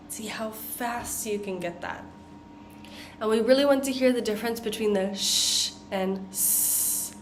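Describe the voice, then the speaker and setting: A woman with an American accent teaching pronunciation, modeling tongue twisters slowly and deliberately. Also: mid-range voice, steady tone, slight background noise. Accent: General American. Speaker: accent coach. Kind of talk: pronunciation lesson.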